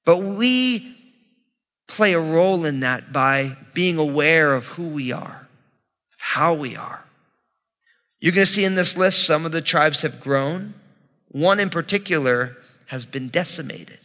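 A male pastor gives a sermon with a bright, forceful tone and a slightly high voice. He teaches conversationally, speaking to his congregation, and a long reverb hangs in the church hall. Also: lively intonation, measured pace, long pauses.

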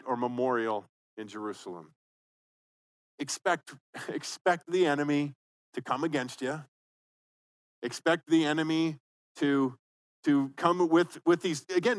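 A man's voice: on the high side, fairly bright tone. A man preaching a sermon as pastor, conversational and emphatic, repeating phrases for stress.

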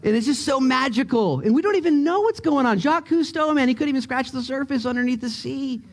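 A man preaching from the pulpit with a notably high voice for a man. He's animated and playful, cracking jokes and getting excited as he tells stories to his congregation through a microphone. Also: fast, some chatter behind. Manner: animated, joking, excitable storyteller. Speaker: pastor. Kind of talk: sermon. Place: church sanctuary.

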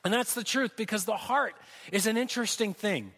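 A man preaching a sermon in church, telling jokey stories in an animated way, with asides to the congregation. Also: high voice, fairly quick. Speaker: pastor. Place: church sanctuary.

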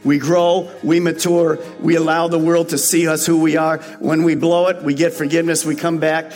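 A man's voice: a little high, level tone, moderate pace, a little mellow, big-room sound, soft background music. A man preaching a sermon as a pastor, earnest and rising to emphatic peaks.

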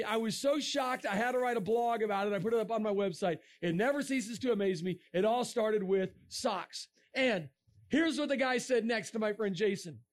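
Energetic male youth speaker, high voice, dramatic delivery with shouts. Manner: energetic, dramatic, bursts into shouts and sound effects. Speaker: speaker addressing young people. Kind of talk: animated sermon talk.

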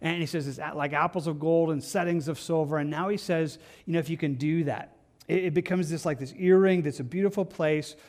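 A man with a somewhat high voice teaches from scripture in an earnest, conversational tone. He often stumbles, repeats words and starts his sentences over as he goes. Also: steady tone, a little fast, a little mellow. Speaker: pastor. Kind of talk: devotional Bible teaching.

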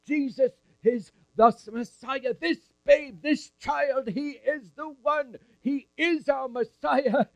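A man voicing an eighty-four-year-old woman prophet, shouting jubilant praise. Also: high voice, normal speed, hardly any pauses, dry recording, voice pushed up. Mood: ecstatic.

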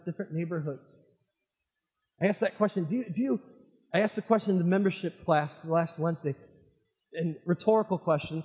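Guy preaching a sermon in a church, high voice, lots of energy, big hall echo. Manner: animated preaching, call-and-response questions to the congregation. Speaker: pastor. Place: church sanctuary with congregation.

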